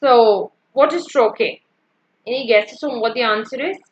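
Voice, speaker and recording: A woman's voice: on the high side, normal speed, muffled recording. A woman teacher explaining poetic meter in an exam-prep lecture, checking in with "yeah" and counting out the feet aloud. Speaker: English literature teacher.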